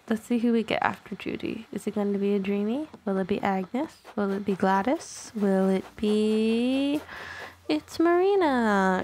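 A young woman hosting her gaming channel, chatting casually and excitably with many filler words. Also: mid-range voice, slight background noise. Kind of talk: casual gameplay commentary.

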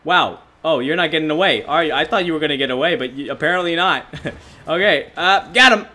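A young man giving excitable, self-mocking gameplay commentary as a gaming YouTuber, often laughing at himself. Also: on the high side, a little fast.

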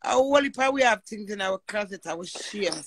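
A woman's voice: mid-range voice, animated, brisk, dry recording. A woman hosting a live chat, talking emotionally and praying in an emphatic, preacherly way. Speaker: livestream host.

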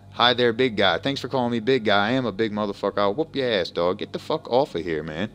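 Profane, combative low-voiced streamer man. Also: lively intonation, quick pace, few pauses, fairly bright tone, faint music behind. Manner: profane, confrontational, trash-talking. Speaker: game streamer. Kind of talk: live game-stream rant at chat.

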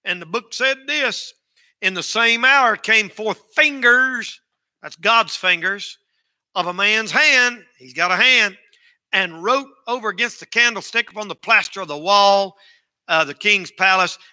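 A man's voice: high voice, sharp tone. A man preaching a folksy sermon as pastor to his church, joking and acting out everyday sayings. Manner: folksy, joking, acts out quotes. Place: church sanctuary.

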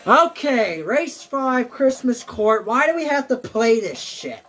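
A woman's voice: fairly high pitch, big pitch swings, takes it slowly, a bit bright, soft background music. A woman recording gameplay commentary, swearing and ranting at the game.

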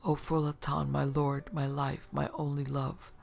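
Brief: narrator plays a soft-spoken, adoring ancient immortal woman, archaic phrasing, gravelly, low. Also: completely flat delivery, unhurried. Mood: tender. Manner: soft, archaic, devoted speech. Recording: dull lo-fi recording.

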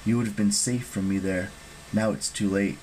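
Drowsy menacing earth goddess in an audiobook, soft mocking whisper, faint hiss behind, read by a guy. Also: on the low side, steady tone, normal speed, voice pushed down, natural voice, rough recording. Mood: taunting. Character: sleepy ancient female earth goddess, menacing. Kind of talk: audiobook reading.

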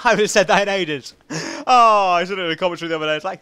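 A young man giving playful, goofy gameplay commentary, swinging between loud outbursts and muttering asides. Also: a little high, racing, hardly any pauses, background noise. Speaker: gaming commentator.

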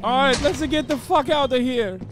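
A man voicing Luigi as a loud, excitable Italian plumber with a mock Italian accent and broken English. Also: extremely high pitch, normal speed, background noise. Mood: exasperated. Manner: shouty, broken English, theatrical. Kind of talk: voice chat role-play while gaming.

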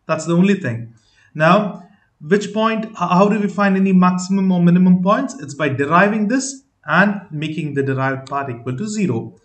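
Echoey math teacher explaining step by step. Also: male voice, high-pitched, moderate pace. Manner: patient, rhetorical questions, many "you know" fillers.

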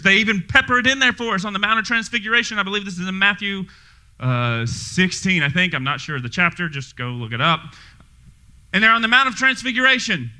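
A male pastor preaching a sermon to his congregation in a church, energetic and joking, speaking directly to the people in the room. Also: high voice. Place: church sanctuary before a congregation.

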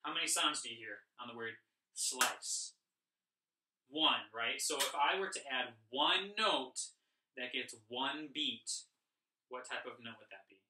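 A young man teaches an online music lesson for children, chanting rhythm syllables with upbeat energy. His voice is very bright. It sits a little back from the mic in an echoey room. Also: mid-range voice, animated, unhurried, distant mic, slight background noise. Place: home room.

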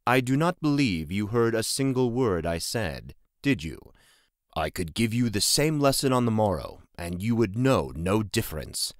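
A man's voice: fairly low pitch, big pitch swings, normal speed, no room sound, clean studio sound. A man voicing a stern male tutor who scolds his pupil with disgust. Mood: disdainful.

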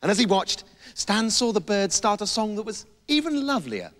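A man with an English accent narrating a comic children's story with playful, animated mock horror. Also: sits high, moderate pace. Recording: roomy reverb, faint music.

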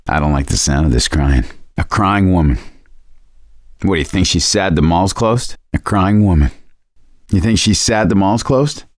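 A man's voice: deep voice, normal speed, no echo, studio quality, close to an everyday voice. An actor playing a cynical man survivor in video game voice lines, speaking in sarcastic quips. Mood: sardonic. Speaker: game character.

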